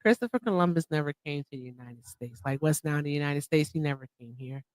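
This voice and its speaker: A woman's voice: deep voice, quick pace, a little mellow, no echo. A woman questioning a guest in a heated live debate, exasperated and pointed.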